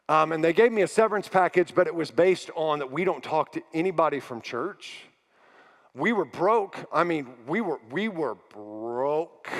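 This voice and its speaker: A man's voice: a little high, fairly bright tone. A man in his forties preaching a sermon as a pastor, earnest and building to emphatic repetition. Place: large church auditorium. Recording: music bed in a long-reverb hall.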